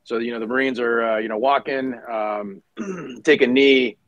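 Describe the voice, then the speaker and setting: A man's voice: medium pitch, normal speed, a bit bright, no echo, dull audio. A middle-aged man, a retired Marine officer, telling a battle story in casual conversation, full of fillers and restarts.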